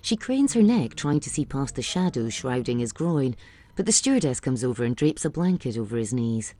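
Low, mellow woman describing a film. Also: moderate pace. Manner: calm, even narration. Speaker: audio describer. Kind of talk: scripted audio description.

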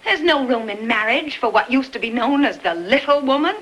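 A woman's voice: on the high side, animated, a little fast, background noise, natural voice. An actress playing a married woman lawyer who talks earnestly and often restarts her sentences.

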